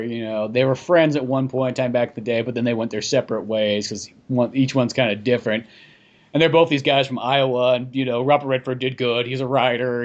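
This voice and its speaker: A man's voice: mid-range voice, muffled recording. A man co-hosting a podcast, chatting loosely about movies and laughing often. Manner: rambling, laughs often, acts out lines from scenes. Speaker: podcast co-host. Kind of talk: casual chat about movies.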